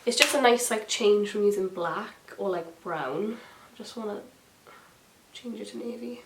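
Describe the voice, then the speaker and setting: A woman talks through her makeup routine in a loose, gossipy ramble, full of "like" and side tangents. Her voice sits at a middling pitch and carries the echo of a bare room at home. A faint hiss runs underneath. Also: measured pace. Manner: rambling, gossipy, many fillers and asides. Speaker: beauty vlogger. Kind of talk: chatty get-ready-with-me makeup tutorial.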